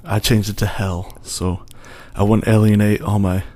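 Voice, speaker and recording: A man's voice: fairly low pitch, little pitch movement, normal speed, mellow. Blunt, self-mocking man chatting. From US, near the Mexican border. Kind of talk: casual podcast chat.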